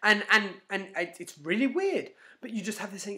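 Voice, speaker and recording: A man's voice: high-pitched, normal speed. A man giving a casual motivational talk to camera, telling stories with lots of restarts and acting out inner voices. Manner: animated storyteller, frequent restarts, acts out inner voices. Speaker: self-help vlogger.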